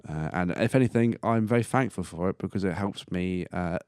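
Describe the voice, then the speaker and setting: Young man, 20s, solo podcast host: very deep voice, dry close-mic sound, rambling and self-amused. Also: a little fast, a little mellow, clean tone, no echo. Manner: rambling and self-amused, laughing at his own jokes. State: coughing and burping now and then. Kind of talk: casual solo podcast monologue.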